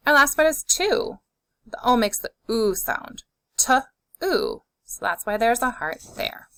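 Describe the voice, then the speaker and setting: Slow, lively teacher voice, woman. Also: a little high, dry recording. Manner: slow, clear, encouraging, sounds words out. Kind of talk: phonics lesson for young children.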